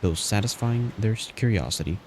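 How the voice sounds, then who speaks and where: Low-voiced man reading game text aloud. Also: fairly quick, a little hiss or hum. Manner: plain reading with small restarts. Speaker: streamer.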